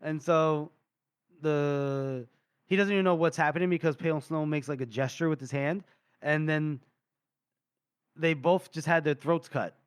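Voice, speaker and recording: A podcast co-host retells a book chapter in casual, rambling chat packed with fillers. His fairly high voice stays fairly even and unhurried, with a clean tone and long pauses.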